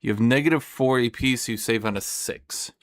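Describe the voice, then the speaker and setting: A man talks through his wargame turn, counting dice and cursing his own slips. His voice sits at a middle pitch. The sound is dry and close, with no room around it. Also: brisk, no room sound. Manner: thinking aloud, swearing, self-mocking. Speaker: tabletop wargame player. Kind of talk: casual play commentary.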